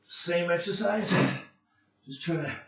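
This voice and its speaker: A man's voice: high voice, takes it slowly, vocal fry, fairly bright tone. Breathless man in an echoey room. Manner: breathless, puffing between sets, many fillers. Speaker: fitness instructor. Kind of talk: casual workout demonstration. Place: home room. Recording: very echoey room, distant mic, dull sound.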